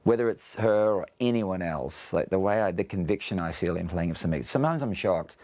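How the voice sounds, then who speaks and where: A man's voice: deep voice, animated, quick pace, a little mellow. An Australian man in a casual interview, talking reflectively and explaining his ideas through extended analogies. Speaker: interviewed musician.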